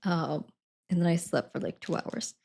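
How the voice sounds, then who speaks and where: Giggly woman with a gravelly voice. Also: on the low side, steady tone, normal speed, darkish tone. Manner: giggly and rambling, laughs often. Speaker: live streamer. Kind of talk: casual chat to viewers. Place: at her desk at home.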